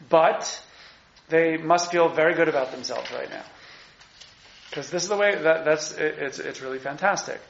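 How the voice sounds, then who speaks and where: A man giving a lively, conversational lecture on scripture and acting out the quotes, in a muffled, echoey room recording. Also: a little high, creaky, a little hiss or hum. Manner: animated, conversational, acts out quotes. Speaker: teacher.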